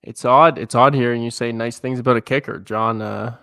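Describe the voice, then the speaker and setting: A mid-pitched man co-hosts a casual sports podcast and breaks in with teasing, joking remarks. His voice sounds dry and close, with no room echo. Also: steady tone, a little fast, a bit bright. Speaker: podcast co-host.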